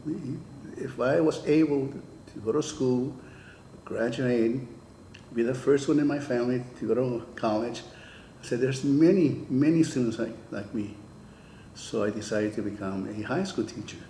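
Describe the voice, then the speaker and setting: Older man, retired teacher type, gravelly mellow voice, storyteller who plays out quoted lines, echoey room. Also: mid-range voice, moderate pace, slight background noise. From California. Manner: storytelling, acts out quoted dialogue. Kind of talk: oral history interview.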